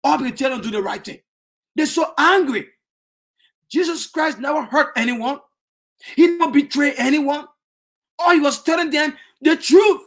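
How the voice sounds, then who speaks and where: Give me an impassioned man preaching a sermon in a high voice. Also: normal speed, pauses often. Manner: impassioned, bursts into shouts.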